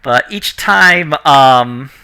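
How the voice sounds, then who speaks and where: A man with a very bright, ringing voice runs a tabletop game as dungeon master. His pitch swings widely as he explains the rules and stops to correct himself. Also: animated, very slow, clear, resonant tone. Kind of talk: running a tabletop game online.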